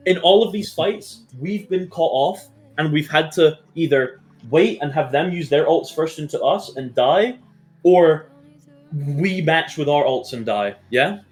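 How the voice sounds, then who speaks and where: A man's voice: fairly high pitch, unhurried, a little mellow, faint music behind. A man coaching his esports team through a match review, direct and blunt, swearing freely and checking in with his players often. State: has the hiccups.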